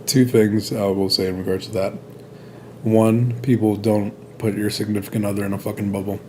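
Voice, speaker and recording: A man's voice: fairly low pitch, level tone, moderate pace, mellow, slight background noise. A man hosting a podcast, chatting casually, blunt and supportive, cursing freely. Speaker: podcast host. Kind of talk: casual conversation.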